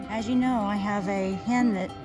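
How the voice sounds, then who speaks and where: Female vlogger, casual farm-tour chat over clear background music. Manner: high sing-song voice when talking to animals. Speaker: travel vlogger. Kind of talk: casual vlog narration. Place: outdoors on a small farm.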